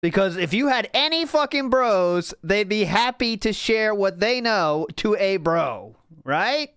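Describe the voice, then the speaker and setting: Sarcastic laughing man with a smooth voice. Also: high-pitched, lively intonation, unhurried, a bit bright, no echo, clean studio sound. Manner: sarcastic, mocking, laughs often. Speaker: stream host. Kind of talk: casual reaction commentary.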